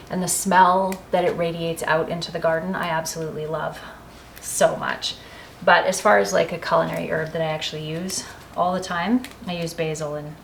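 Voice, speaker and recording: A woman's voice: fairly low pitch, fairly bright tone, a little hiss or hum, poor audio. A woman with a Canadian accent, chatting casually in a home garden and kitchen vlog, rambling and correcting herself as she goes. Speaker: homesteading vlogger.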